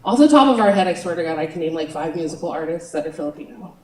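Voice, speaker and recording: A woman's voice: low voice, animated, very fast, distant mic, background noise. A young woman doing a stand-up comedy set, chatty and self-mocking, giggling between lines. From United States. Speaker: stand-up comic. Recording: roomy venue, picked up from afar.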